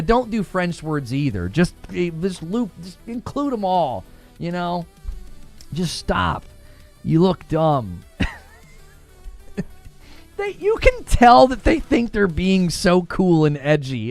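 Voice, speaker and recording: Animated man hosting a gaming livestream. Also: high-pitched. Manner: animated, laughs often, reads chat aloud. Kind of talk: casual livestream chat.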